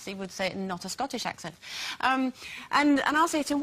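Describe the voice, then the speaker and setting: A woman presenting a daytime panel show in a television studio. Her voice is bright and fairly high, and her pitch moves a lot. She chats easily and laughs along with the panel. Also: animated, fast talker. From Britain. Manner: chatty, laughing, teasing.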